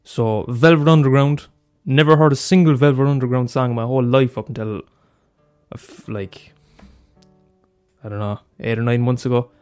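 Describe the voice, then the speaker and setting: A man talks through his solo podcast in a loose, rambling way, full of ums, restarts and cheerful swearing. His pitch sits in an ordinary middle range. Faint music plays under his voice. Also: steady tone, moderate pace, darkish tone, smooth. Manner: loose and profane, many fillers and restarts. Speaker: podcast host.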